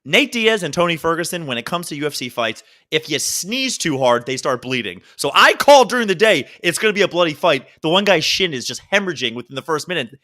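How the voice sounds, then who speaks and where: Bright, animated joking man. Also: a little high, fast, hardly any pauses. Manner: joking, laughing storyteller. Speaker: podcast co-host. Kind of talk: casual chat.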